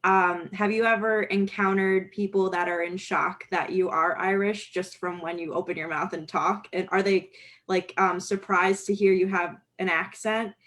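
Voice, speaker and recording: A woman's voice: medium pitch, steady tone, moderate pace, hardly any pauses, fairly bright tone. A woman from the United States asking a question on a video call, hesitant, with many "um"s. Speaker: audience member asking a question.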